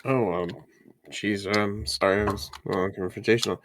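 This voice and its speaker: A nervous elf patron at a tavern, stammering through ums and apologies, as a man puts him on. The voice sits a touch low and stays hesitant throughout. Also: steady tone, brisk, a bit bright, a little hiss or hum, natural voice. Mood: flustered.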